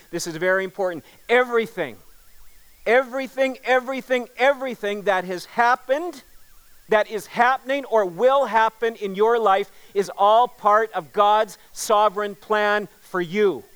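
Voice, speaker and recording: High, clear-voiced male pastor preaching. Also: fairly bright tone. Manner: earnest preaching with emphatic repetition. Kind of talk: sermon.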